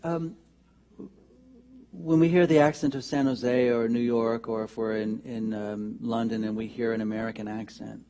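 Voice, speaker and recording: A man's voice: medium pitch, moderate pace. A man preaching a conversational, humorous sermon as minister in a church. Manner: conversational, humorous, animated asides. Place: church sanctuary.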